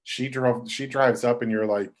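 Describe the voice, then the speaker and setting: A middle-aged man telling behind-the-scenes stories as a podcast guest, lively and acting out what people said. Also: medium pitch, normal speed. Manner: animated, acts out quoted voices. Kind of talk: casual storytelling.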